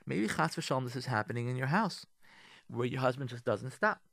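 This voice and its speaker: A man's voice: mid-range voice, expressive, fairly quick, creaky, fairly bright tone, no echo, clean studio sound. A man, a rabbi, telling stories and giving moral advice on the radio, speaking straight to his listeners.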